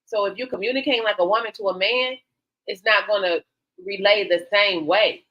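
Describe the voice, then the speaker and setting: With a mid-range voice and a fairly quick delivery, an older woman runs a candid, casual radio talk show. She tells stories frankly and with animation, acting out quotes, and the sound is a bit dull and lo-fi.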